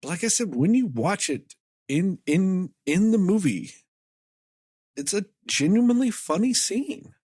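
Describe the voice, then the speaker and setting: Co-hosting a casual movie review podcast, a man rambles and swears freely through scenes, often acting out characters' lines in quick asides. His voice sits high and sing-song with a darkish, slightly rough tone, recorded at studio quality with no echo.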